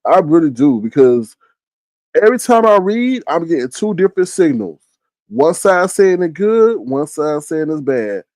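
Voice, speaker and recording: A man's voice: fairly high pitch, very animated, moderate pace, darkish tone, no room sound. A man hosting a live stream, reading viewers' chat and talking back bluntly in loose, slangy casual commentary. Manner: chatty, talks straight to viewers by name, slangy and blunt.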